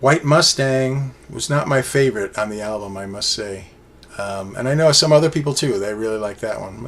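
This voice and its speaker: Here a male music reviewer, a fan at heart, rambles through a casual solo album review with many fillers and straightforward enthusiasm. His voice is medium in pitch and a bit bright.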